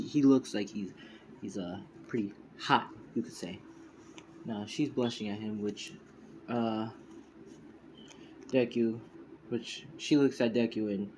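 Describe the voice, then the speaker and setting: A man with a medium-pitched, dark voice makes up a fan story on the fly, rambling loosely and correcting himself. He leans heavily on fillers like "you know" and "you could say," and there's a little hiss or hum in the recording.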